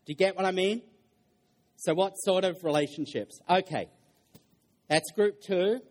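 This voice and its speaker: A middle-aged male pastor giving a lively sermon in a church hall, joking and putting questions to the congregation. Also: sits high, a little slow. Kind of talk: interactive sermon.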